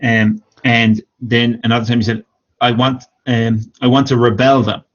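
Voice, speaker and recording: A man teaching English online, giving patient, encouraging feedback to students and repeating corrections slowly. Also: mid-range voice, little pitch movement, fairly bright tone. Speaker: English speaking teacher, former exam examiner. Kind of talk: live-streamed speaking feedback. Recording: dull lo-fi stream audio.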